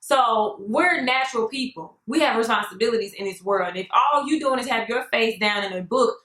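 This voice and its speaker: A young woman telling a story on her vlog in a sassy, animated way, often calling her viewers "girl". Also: on the high side, brisk, roomy sound, poor audio. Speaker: vlogger.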